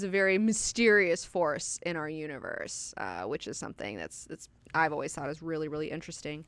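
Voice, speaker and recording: A woman's voice: fairly low pitch, moderate pace, a bit bright, dry recording. A woman hosting a casual book class, chatty and candid, with frequent profanity and personal asides.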